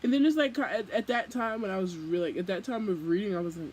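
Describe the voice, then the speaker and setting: A young woman vlogging casually from home, rambling and animated as she jumps from thought to thought. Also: medium pitch, quick pace, hardly any pauses, slight background noise, poor audio. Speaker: book vlogger. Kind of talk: casual chat.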